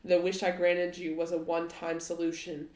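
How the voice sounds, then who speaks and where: A woman voicing a smug, mocking spirit living in a magic bottle, speaking in a slow, condescending drawl. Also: fairly low pitch, completely flat delivery, a little mellow, lightly acted. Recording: echoey room.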